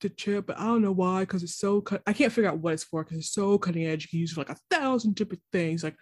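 A woman co-hosting a casual TV recap chat, animated and quick to act out characters' lines. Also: medium pitch, husky, dry recording, clean studio sound. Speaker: podcast co-host.

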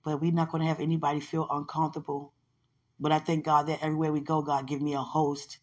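A woman's voice: low voice, level tone, fast, breathy edge. A woman in casual, heartfelt one-sided talk, rambling and affectionate, often laughing, with religious phrasing.

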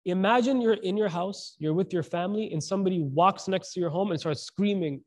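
A man with a high voice preaches in a loose, conversational way. He leans on "like" as a filler and acts out the quotes as he tells each story. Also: brisk, hardly any pauses. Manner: slangy, animated, acts out quotes, frequent "like". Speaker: Islamic preacher. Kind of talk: casual sermon with storytelling.

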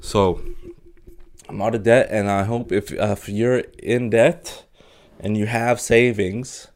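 A man's voice: on the low side, fairly even intonation, slow, a little mellow. A young man hosting a solo podcast, chatting casually in a rambling, jokey way with many fillers and restarts. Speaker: podcast host.

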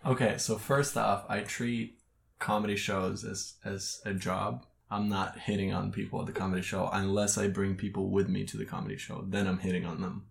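A man's voice: deep voice, level tone, normal speed, vocal fry, slight background noise. A man hosting a podcast in a casual, joking chat, laughing often. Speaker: podcast host and stand-up comic.

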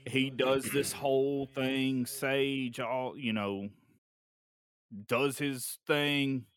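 A man's voice: drawn-out words, clean tone, no echo. Young man telling a spooky story, dry. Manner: animated, swearing, trailing off into low mumbles. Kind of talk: casual storytelling.

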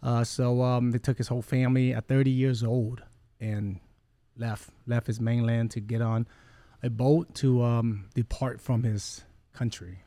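As a podcast guest in a conversation, an earnest man in his forties tells a long personal story, rambling and often stopping to correct himself. His middling-pitched, dark voice has little pitch movement and a measured pace. It sounds close and dry, with no echo.

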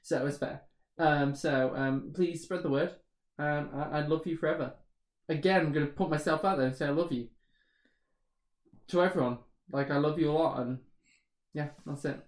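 A man's voice: fairly high pitch, normal speed, pauses often. Giggly man in an echoey room. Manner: giggly, rambling with fillers. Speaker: podcast co-host. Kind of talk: casual comedic chat about a tabletop game.

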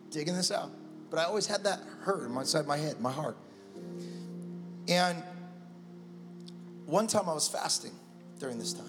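High-voiced man preaching over music. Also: long reverb tail. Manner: storytelling, acting out dialogue with God. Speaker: pastor. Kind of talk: sermon. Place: church.

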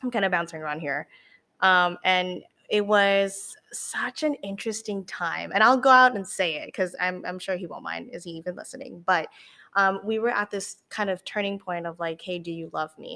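A young woman talking candidly as a podcast guest, animated, with lots of fillers and the odd swear. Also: medium pitch, moderate pace. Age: young adult. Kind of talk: candid casual chat.

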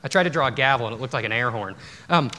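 A man's voice: mid-range voice, animated, very fast, pushed and bright. A man preaching a sermon in a church, talking conversationally with restarts and self-deprecating asides. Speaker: pastor. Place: church sanctuary.

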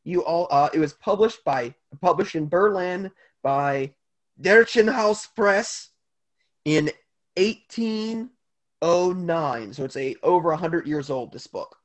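Rambling male game master, slightly high. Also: takes it slowly. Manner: loose, filler-heavy narration. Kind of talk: narrating a tabletop game.

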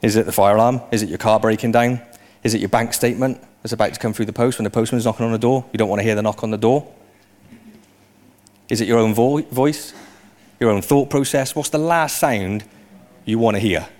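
A man preaching a sermon in a conversational way, often rising into animated emphasis. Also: fairly low pitch, brisk.

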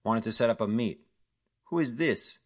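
A man's voice: mid-range voice, animated, moderate pace, a bit bright. A man voicing a nervous male hustler who bluffs his way through a deal, speaking in hesitant, eager questions. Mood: uneasy.

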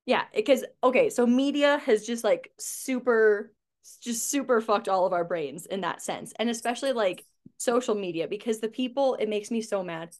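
A woman's voice: a little high, normal speed. Podcast host, woman; blunt, profane, laughs a lot, casual chat.

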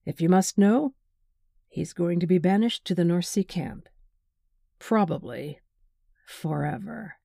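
Contemptuous official read by a woman, slow and drawling, dark gravelly tone. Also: fairly low pitch, lively intonation, no room sound, studio quality, exaggerated voice. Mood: mocking. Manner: sneering, drawling. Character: scheming, contemptuous man, a cold official.

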